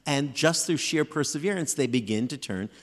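A man in his fifties tells self-deprecating stories with animated, lively timing. His voice rings with the long reverb of a theater hall. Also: a little high, normal speed. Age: 50s. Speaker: author guest. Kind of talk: live stage interview. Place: theater stage before live audience.

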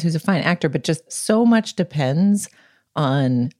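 Woman w a really low mellow voice, sarcastic podcast panelist riffing. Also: brisk. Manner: animated, sarcastic, mimics voices when quoting. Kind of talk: casual panel discussion.

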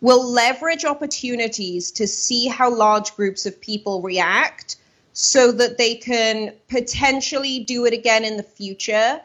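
A woman's voice: fairly high pitch, a little slow, fairly bright tone. A woman talking as a guest in a radio interview, earnest and rambling, often correcting herself mid-sentence. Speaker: guest commentator. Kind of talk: radio interview, opinionated talk.

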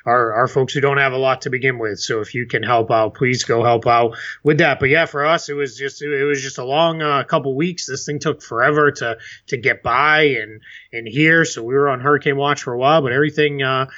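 A man's voice: medium pitch, fairly even intonation, a little fast, bright, forceful tone. A male podcast co-host in casual chat who walks listeners through contract details step by step. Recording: dull lo-fi sound.

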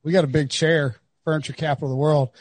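High-voiced rambling male podcast host. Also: steady tone, quick pace, breathy edge, no echo. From North Carolina, USA. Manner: rambling, restarts a lot. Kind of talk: casual podcast chat.

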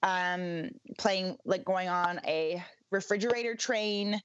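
A woman's voice: fairly low pitch, takes it slowly, a bit bright, smooth, dry recording. A woman co-hosting a podcast talks in a loose, casual way, with many ums and restarts. She laughs easily. The recording sounds dry and a little muffled. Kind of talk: casual chat.

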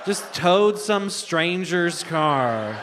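A man performing stand-up, telling a family story with lively impressions. His voice sits a little high. The recording carries a long hall reverb and faint room noise. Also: drawn-out words, crowd noise. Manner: animated storytelling with loud high-pitched impressions. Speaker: stand-up comedian. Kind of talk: stand-up comedy set. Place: live stage before an audience.

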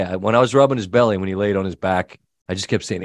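A man co-hosting a podcast, telling a story in casual chat with many restarts and quick shifts in tone. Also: lowish voice, no echo, clean studio sound. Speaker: podcast co-host.

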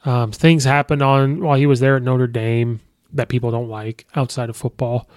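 A man's voice: medium pitch, little pitch movement, normal speed, a little mellow, no echo, studio quality. A man hosting a sports podcast, chatting casually and thinking aloud with frequent fillers as he weighs coaching records. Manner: conversational, thinks aloud with ums and you-knows. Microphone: podcast microphone.

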